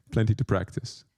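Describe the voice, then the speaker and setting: A man's voice: darkish tone, no echo, studio quality. A man, a monk, giving a spiritual lecture with playful, self-mocking asides and short phrases repeated for emphasis. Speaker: monk teacher.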